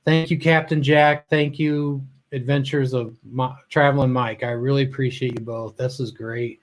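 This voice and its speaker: A man's voice: medium pitch, steady tone, moderate pace. A man hosting a casual live stream, greeting viewers by name, a little choked up and often trailing off mid-sentence. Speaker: livestream host.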